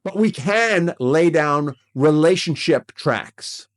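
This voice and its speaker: A man hosting a relationship podcast, talking earnestly and excitably, often repeating himself and checking in with "right?". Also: a little high, slow pace. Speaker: podcast host. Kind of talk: relationship coaching podcast monologue.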